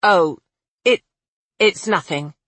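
Narrator putting on a scared young maid, husky, slow, nervous whispery bits. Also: mid-range voice, dry recording, pitched above the performer's own voice. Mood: fearful. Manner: anxious, hushed. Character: fearful young woman maid.

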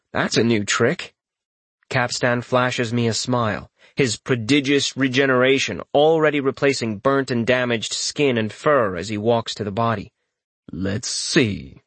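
Male narrator, mid-pitched, steady first-person storytelling, dead-dry booth sound. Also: moderate pace, hardly any pauses, no room sound. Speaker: audiobook narrator.

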